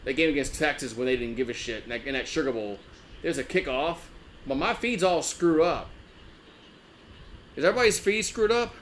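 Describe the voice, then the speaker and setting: A man's voice: medium pitch, expressive, fairly quick, a little hiss or hum. A man hosting a live sports fan stream, talking in a loose, rambling way with lots of restarts and frequent swearing.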